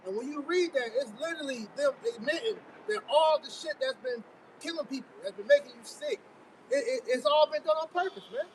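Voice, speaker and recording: High-voiced man, emphatic and slangy. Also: very animated, a little fast. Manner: emphatic, slangy, reads passages aloud. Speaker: co-host of a live street broadcast. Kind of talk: live-stream discussion. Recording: distant mic with faint street noise.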